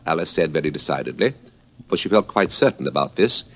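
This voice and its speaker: A man narrating an audiobook in a theatrical, lively storytelling manner. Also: very deep voice, quick pace. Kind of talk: scripted narration.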